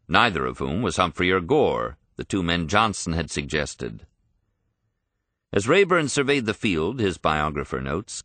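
A man reading a history audiobook in a measured, even storytelling manner. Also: sits low, no room sound. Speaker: narrator. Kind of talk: scripted audiobook narration.

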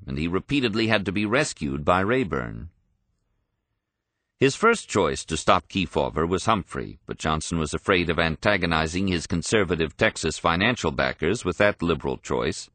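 A man reading a history audiobook in a measured, even storytelling manner. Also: sits low, no room sound. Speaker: narrator. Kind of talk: scripted audiobook narration.

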